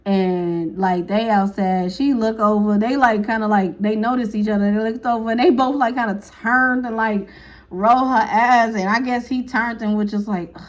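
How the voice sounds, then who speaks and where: A woman's voice: on the high side, normal speed, lo-fi sound. A woman telling a casual storytime, acting out each person's lines and laughing often. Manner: animated, acts out quotes, laughs often.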